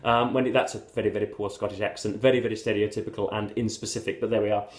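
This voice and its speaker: A man's voice: lowish voice, fairly even intonation, racing. A man reviewing books to camera in a casual, rambling way, full of hesitations and fillers yet using erudite vocabulary and wry asides to his viewers. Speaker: book reviewer. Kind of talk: casual book commentary to camera. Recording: roomy echo.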